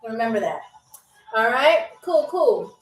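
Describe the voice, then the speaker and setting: A woman's voice: fairly high pitch, very animated, unhurried. A woman hosting a live-streamed trivia game show, chatting to viewers and greeting them by name. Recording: roomy echo, distant mic, faint music. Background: faint music from a DJ.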